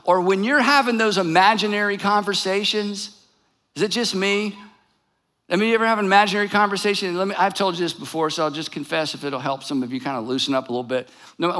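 Male pastor, middle-aged, animated sermon delivery, acts out quarrels; high, ringing tone. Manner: animated, acts out both sides of imagined arguments.

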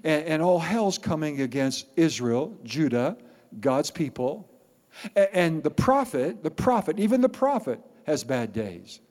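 A man preaching a sermon as pastor, animated and playful, repeating words for emphasis. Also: a little high, a little slow. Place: church sanctuary. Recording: long reverb of a large hall.

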